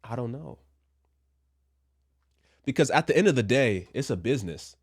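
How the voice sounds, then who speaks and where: A man's voice: medium pitch, expressive, moderate pace, slightly rough. A man giving casual commentary from a Christian view, chatty with joking asides, and a little under the weather. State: a little sick. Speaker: commentary vlogger.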